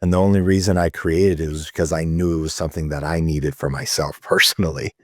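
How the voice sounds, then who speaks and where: Deep male guest, earnest storyteller, dry video-call sound. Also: steady tone, fast, dry recording. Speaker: guest, men's community founder. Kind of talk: conversational storytelling.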